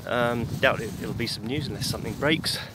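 A man hosting a daily podcast, giving a casual news update while walking uphill, out of breath and halting with many fillers and restarts. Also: medium pitch. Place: outdoors on a hill. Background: clear outdoor noise.

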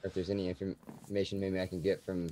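A man's voice: low voice, little pitch movement, racing, warm tone. A man playing a tabletop game who trails off mid-sentence. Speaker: player. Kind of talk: tabletop role-play.

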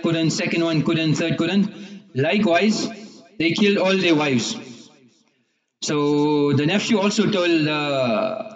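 A man retelling a moral folk tale, unhurried, often pausing on "uh" and acting out the characters' lines. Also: on the high side. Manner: unhurried retelling with frequent "uh" pauses and acted quotes. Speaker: storyteller. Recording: roomy, distant, dull sound.

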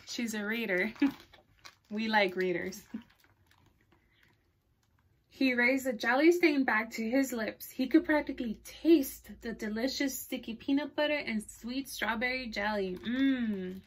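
At storytime, a children's librarian reads a picture book aloud in a slightly high voice. She keeps things chatty, stopping to ask the young listeners questions and laughing along the way.

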